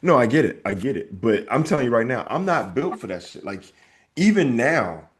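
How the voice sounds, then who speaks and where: A man's voice: mid-range voice, very animated, moderate pace. A man from Alabama co-hosting a podcast, telling candid stories in casual chat. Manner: candid, storytelling, often mimics voices. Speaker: podcast co-host.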